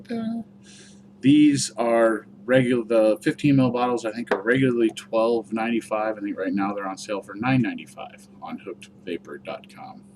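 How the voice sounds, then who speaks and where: A man's voice: fairly low pitch, a little mellow, slight background noise. A man giving a casual, rambling review vlog, chatty and full of fillers. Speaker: product reviewer.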